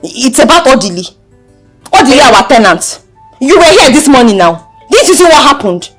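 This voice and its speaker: A fiery outspoken Nigerian daughter. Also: female voice, high-pitched, normal speed, faint music behind. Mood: pleading. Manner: emphatic, pleading and scolding, lively. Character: outspoken young adult woman, defends tenant, fiery. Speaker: daughter in the family. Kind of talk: Nollywood film acting.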